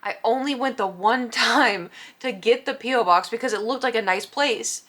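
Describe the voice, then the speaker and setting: Bright-voiced woman telling a rambling story. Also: fairly high pitch, moderate pace. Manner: rambling, self-deprecating storytelling. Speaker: vlogger. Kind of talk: casual storytime vlog.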